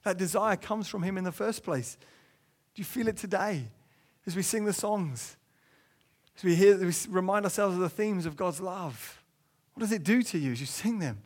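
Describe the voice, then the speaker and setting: A man from England preaching a sermon in church, earnest, sometimes dropping low and soft to press a point. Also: moderate pace. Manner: earnest, rises high for quoted inner voices, drops low and soft to stress points.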